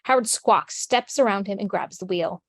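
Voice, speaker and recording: A woman's voice: medium pitch, moderate pace, no echo. Woman reading stage directions, dry sound. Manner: steady, matter-of-fact reading. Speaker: narrator.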